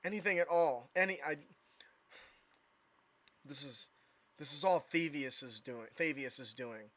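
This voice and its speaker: A man's voice: fairly high pitch, unhurried, a crowd in the background, lightly acted. A man voicing a distraught woman who earnestly pleads to save her people. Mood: pleading.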